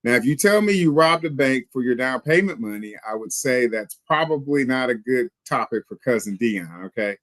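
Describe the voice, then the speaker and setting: A mortgage lender explaining pre-approvals in a confident, joking manner. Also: male voice, medium pitch, expressive, normal speed, hardly any pauses, fairly bright tone, dry recording. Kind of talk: casual explanatory talk.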